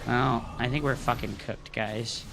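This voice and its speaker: A young man streaming a strategy game live, commenting on his play with excitable, profane outbursts and talking to his chat. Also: medium pitch, a little slow, vocal fry, music in the background. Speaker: streamer and coach.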